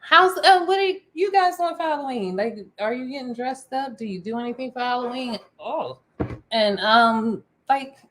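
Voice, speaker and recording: A middle-aged woman with a voice that sits high and lively intonation co-hosts a casual podcast chat at normal speed. She is playful, laughs often and fills her talk with ums.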